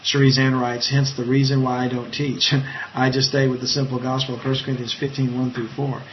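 A man preaching informally to an online group, reading viewers' comments and talking in a halting, conversational way. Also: medium pitch, level tone, lo-fi sound, slight background noise. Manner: conversational, halting, with many fillers and restarts. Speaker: preacher leading an online Bible study. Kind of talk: informal live-streamed Bible teaching.

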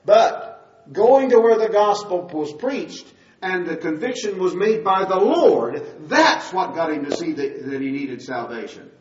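A man's voice: high voice, sing-song, unhurried, slight background noise. An older man preaching a sermon, telling his testimony in a conversational storytelling way that rises to emphatic moments. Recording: distant, roomy, dull-sounding recording.

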